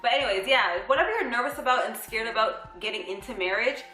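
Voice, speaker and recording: A woman's voice: on the high side, animated, fast talker, music in the background. Bubbly young woman in an echoey room. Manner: bubbly, laughs often, acts out quoted dialogue. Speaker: vlog co-host. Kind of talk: casual storytelling to camera.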